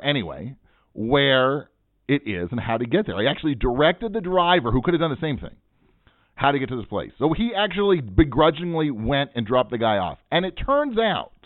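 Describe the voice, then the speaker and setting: Animated joking man, tinny phone-like sound. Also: fairly high pitch, no room sound. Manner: animated, joking, self-mocking storyteller. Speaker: financial advisor and podcast host. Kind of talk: casual storytelling monologue.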